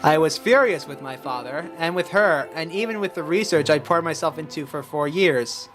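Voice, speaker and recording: A man's voice: on the high side, normal speed, fairly bright tone, faint music behind. A man voicing a grave male figure recalling a painful past, in a robot voice while reading game dialogue.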